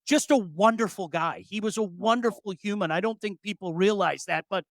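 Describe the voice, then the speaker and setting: A man's voice: sits high, a little fast, no echo, studio quality. A man hosting a livestreamed interview, asking casual questions and often stumbling over repeated words as he starts. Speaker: host of a livestream show.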